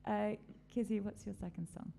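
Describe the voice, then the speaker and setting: A woman's voice: medium pitch, steady tone, normal speed, vocal fry, warm tone, slight background noise. A woman hosting a casual live-stream chat, talking in a rambling, chatty way with lots of fillers. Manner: rambling, chatty, many fillers and little laughs. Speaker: host.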